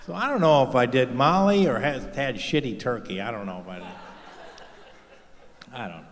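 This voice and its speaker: A man's voice: mid-range voice, moderate pace, vocal fry. Guy doing stand-up on stage, swears a lot, voice jumps around a ton, big echoey hall. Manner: profane, deadpan storytelling with acted-out voices. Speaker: stand-up comedian. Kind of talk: stand-up routine. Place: theater stage with live audience. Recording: live hall reverb.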